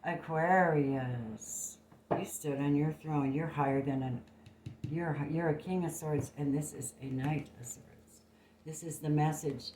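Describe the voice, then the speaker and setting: A woman's voice: low voice, fairly even intonation, measured pace, a little mellow. Lady doing a tarot reading on her phone, emphatic and blunt, kinda echoey room with faint hum behind. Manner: blunt and emphatic, swears freely. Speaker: tarot reader. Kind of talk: casual tarot reading to camera.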